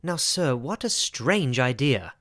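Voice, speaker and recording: A man voicing an earnest, modest young woman governess in a storybook reading, speaking softly. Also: medium pitch, sing-song, slow pace, no echo, clean studio sound.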